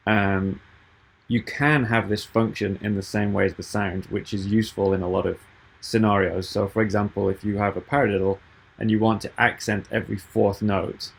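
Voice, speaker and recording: A man giving a software tutorial over a video call, explaining each step patiently. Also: fairly low pitch, vocal fry, breathy edge. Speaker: app developer giving a tutorial.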